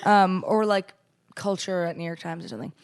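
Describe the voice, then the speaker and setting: A woman's voice: fairly low pitch, expressive, brisk, smooth. Young woman, podcast co-host, casual chatter, filler-heavy, laughs a lot. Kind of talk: casual chat.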